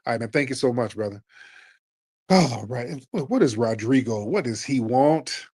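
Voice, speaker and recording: A man's voice: medium pitch, expressive, moderate pace, dark tone, breathy edge, no echo. A man hosting a talk show in a laid-back, jokey way. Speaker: host.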